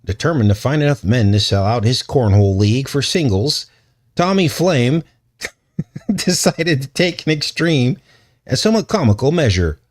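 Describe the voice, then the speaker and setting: Hammy mock-serious male anchor, raised pitch, put on by a man. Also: expressive, moderate pace, lightly acted. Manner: exaggerated mock-serious news reading. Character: silly overblown male TV newscaster.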